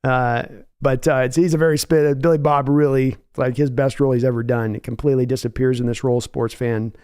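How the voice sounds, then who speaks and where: A man's voice: mid-range voice, a little fast, clean tone, dry recording, studio quality. A man hosting a live sports reaction stream, chatting casually and reading viewer messages aloud. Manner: chatty, excitable, reads chat aloud.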